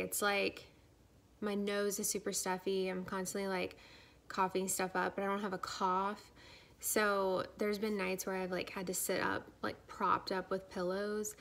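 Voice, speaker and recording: A young woman talks casually to camera, rambling along with constant "like"s and fillers. Her voice has a gravelly fry and stays fairly flat in pitch, and she sounds slightly out of breath. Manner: chatty, filler-heavy, says "like" a lot. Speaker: vlogger. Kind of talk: casual pregnancy update vlog.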